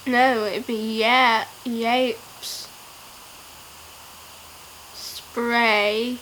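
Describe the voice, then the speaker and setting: A woman's voice: on the high side, a little slow, a bit bright, a little hiss or hum, low-quality recording. A young woman vlogging in a casual, playful and giggly way, often laughing at herself. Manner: giggly, playful, self-mocking. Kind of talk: casual challenge vlog.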